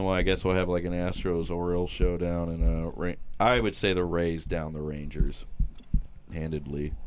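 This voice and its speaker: A man's voice: deep voice, a little hiss or hum. A man co-hosting a podcast, chatting casually about baseball in a crude, joking way. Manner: crude, joking banter, swearing. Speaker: podcast co-host. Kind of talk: casual sports chat.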